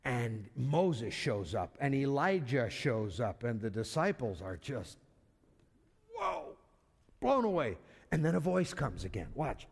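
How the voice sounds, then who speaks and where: A man's voice: medium pitch, huge pitch swings, measured pace, creaky, slightly rough. A man preaching a sermon in a conversational way, often repeating words as he restarts. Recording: reverberant hall.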